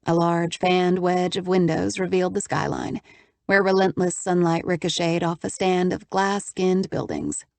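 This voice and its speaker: A woman with a lower voice reads a novel aloud in a steady, measured storytelling manner. The recording is close and dry, with no room sound. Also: creaky, dry recording. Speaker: audiobook narrator. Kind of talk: scripted audiobook narration.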